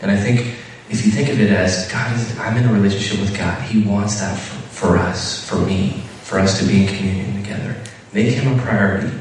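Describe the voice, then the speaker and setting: A man's voice: lowish voice, steady tone, brisk, a little mellow, slight background noise. A man giving an informal sermon, telling a story casually with many fillers and restarts. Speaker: preacher. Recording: echoey room heard from a distance.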